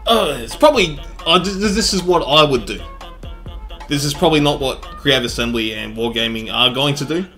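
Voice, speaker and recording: A man giving energetic, joking gameplay commentary, full of swearing and bursts of excitement. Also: medium pitch. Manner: energetic, jokey, profane. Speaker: game commentator. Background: faint background music.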